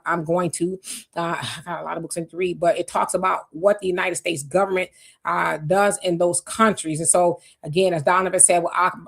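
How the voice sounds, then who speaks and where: A woman's voice: lowish voice, a bit bright. A woman in her fifties hosting a live stream, talking to viewers in a loose, conversational way with fillers and restarts. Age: 50s. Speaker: livestream host. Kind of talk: casual live talk to viewers.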